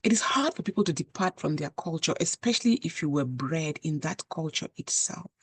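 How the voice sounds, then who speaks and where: A woman's voice: low voice, lively intonation, brisk, breathy edge, no echo. An African-born woman with an African accent, speaking earnestly to the viewer in a commentary; English is not her first language. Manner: earnest, addresses the viewer as "you". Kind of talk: direct-to-camera commentary.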